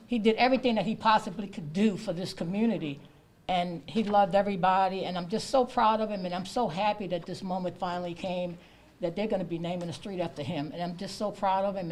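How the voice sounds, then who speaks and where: A woman, sister-in-law of the honoree, giving a proud, heartfelt speech at an outdoor street ceremony, repeating herself often. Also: medium pitch. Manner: warm, proud, repetitive.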